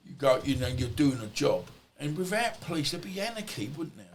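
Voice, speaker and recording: A man's voice: a little high, very animated, brisk, a little hiss or hum. A middle-aged man, a former boxer and podcast guest, telling casual stories in a rambling, anecdotal way full of asides. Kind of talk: casual storytelling.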